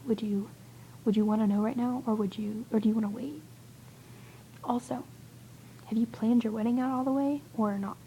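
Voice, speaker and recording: A young woman vlogging to a friend, talking mostly in a hushed whisper and rambling with hesitant fillers. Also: a little high, steady tone, normal speed, slight background noise, rough recording. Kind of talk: casual whispered video chat to a friend.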